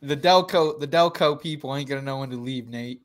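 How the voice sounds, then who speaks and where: A man's voice: mid-range voice, brisk. A man co-hosting a casual sports podcast, laughing often and stammering through restarts. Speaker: podcast co-host.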